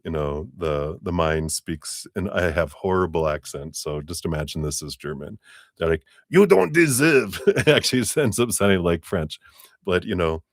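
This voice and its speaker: A man's voice: a bass voice, moderate pace, dry recording, clean studio sound. A man giving a live tarot reading, rambling and chatty, often laughing at himself. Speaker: tarot reader.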